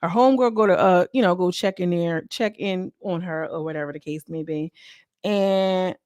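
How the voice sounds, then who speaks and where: A woman's voice: on the low side, moderate pace, a little mellow, no echo, studio quality. A young woman recapping a reality TV episode in a chatty, slang-filled way, acting out what people said. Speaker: reality TV reviewer.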